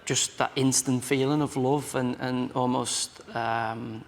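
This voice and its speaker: A man's voice: medium pitch, flat delivery, slow, long reverb tail, a little hiss or hum. A man in his thirties with a Merseyside accent, chatting as a guest on a talk show, rambling and restarting his sentences. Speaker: guest, footballer. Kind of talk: casual chat show talk.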